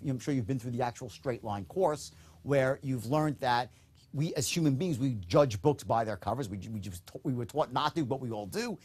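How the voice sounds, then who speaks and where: A man teaching a recorded sales course, speaking emphatically and often checking in with a quick "okay?". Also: mid-range voice. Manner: acts out upbeat and dull tones in demonstrations. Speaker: sales trainer.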